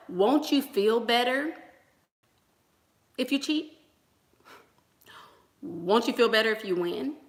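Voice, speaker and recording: Doing her makeup at home, a woman coaches on relationships in a casual livestream chat, her mid-range voice pushed and bright. She's chatty and emphatic, laughing between thoughts, and the room sounds echoey.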